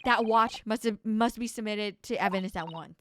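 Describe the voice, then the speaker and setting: A woman voicing a stern older male courtroom judge, speaking formally in a lowered, reproving tone. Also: lively intonation, normal speed, fairly bright tone, a little hiss or hum.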